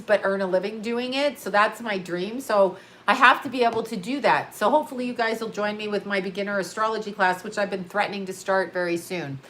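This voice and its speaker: A tired woman chats loosely on a livestream from her home studio, replying to viewer comments as they come in. She rambles and drifts between thoughts, and she is blunt and quick to swear. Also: mid-range voice, bright, forceful tone. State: tired, yawning. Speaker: astrologer and livestream host. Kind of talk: casual livestream chat reading viewer comments.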